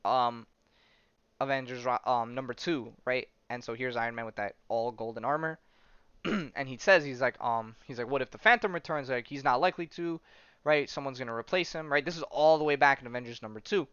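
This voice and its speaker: A man's voice: mid-range voice, brisk, a bit bright, smooth, no echo. A man hosting a podcast, casually retelling comic stories, rambling with many fillers and restarts and the odd swear word. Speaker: podcast host. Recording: dull lo-fi sound.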